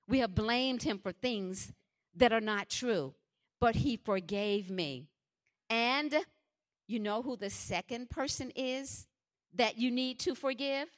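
A middle-aged woman preaching a sermon, impassioned and repetitive, swinging from hushed to loud. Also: a little high.

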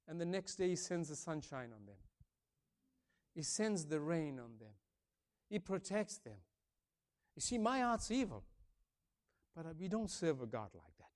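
A man over fifty from Africa preaching a sermon, booming on key points, then dropping low and soft, and repeating his phrases. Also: lively intonation, moderate pace, pauses often. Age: older, over fifty. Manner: swings between booming emphasis and hushed softness, repeats key phrases.

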